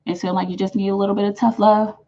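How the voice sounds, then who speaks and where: A woman's voice: mid-range voice, flat delivery, quick pace, warm tone, lo-fi sound. A woman giving a live tarot reading to her viewers, emphatic and affectionate, repeating her phrases for weight. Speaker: tarot reader.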